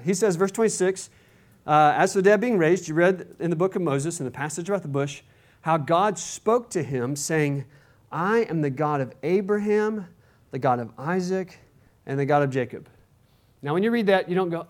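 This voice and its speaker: Pastor guy preaching, kinda high voice, chatty, keeps asking the crowd questions. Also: brisk, a little mellow. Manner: conversational preaching with rhetorical questions. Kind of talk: sermon.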